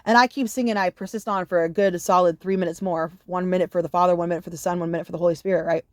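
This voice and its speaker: A woman telling a casual storytime monologue to camera, animated and profane, with many "you know"s. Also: fairly low pitch, racing, no echo, clean studio sound. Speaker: storyteller vlogger.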